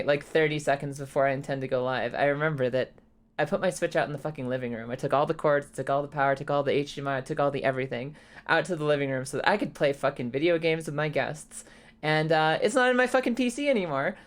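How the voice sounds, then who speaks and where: A young woman streamer chatting casually and congested, rambling, swearing freely and breaking into high laughs. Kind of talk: casual live-stream chat.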